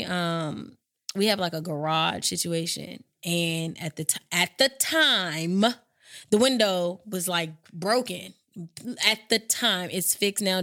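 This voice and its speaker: A woman podcast host telling a story in casual chat, animated and profane, acting out what people said. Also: fairly low pitch, no room sound, studio quality. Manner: animated, profane, acts out her own quotes.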